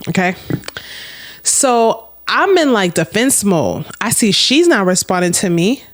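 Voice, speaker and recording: A woman vlogger telling a personal story in an animated, profane way, talking straight to her viewers. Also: on the high side, measured pace. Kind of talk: casual storytelling.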